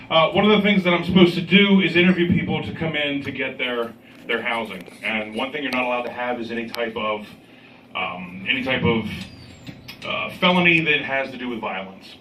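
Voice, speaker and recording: Deadpan stand-up comic man. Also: mid-range voice, slight background noise. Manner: deadpan storytelling, acts out the other man's lines in an agitated voice. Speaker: stand-up comedian. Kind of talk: stand-up storytelling. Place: comedy club stage. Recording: echoey club recorded from a distance.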